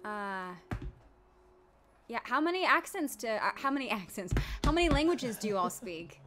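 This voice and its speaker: A young woman co-hosting a casual livestream, playful and quick to laugh. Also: on the high side, sing-song, a bit bright, faint music behind. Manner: giggly, playful. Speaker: stream co-host.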